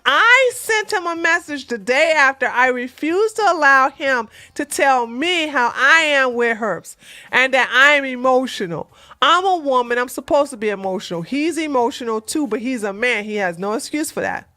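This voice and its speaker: A woman with a high, bright voice talks her viewers through relationship advice in a blunt, emphatic way. Her speech is plain and slangy, and she hammers her points home by repeating them. The recording is dry and close, with no room sound. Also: expressive, normal speed, no room sound. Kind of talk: casual advice talk to viewers.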